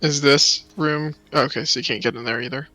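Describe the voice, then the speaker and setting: A man at a tabletop game asks hesitant questions. His voice is sharp and very bright. Faint music plays under him. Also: fairly high pitch, fairly even intonation, brisk. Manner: hesitant, asks about the map. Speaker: player.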